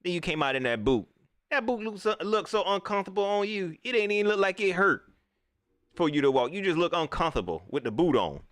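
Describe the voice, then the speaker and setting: A man's voice: high-pitched, quick pace, no room sound, clean studio sound. A man, giving casual, joking livestream commentary on football as a sports vlogger. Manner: animated, joking, slangy delivery.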